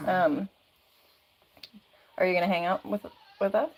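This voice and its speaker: Woman streamer, low-ish voice, rambling casual chat, laughs a lot, phone or laptop mic. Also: steady tone, a little slow, rough recording. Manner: chatty, rambling, laughs often. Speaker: livestream host.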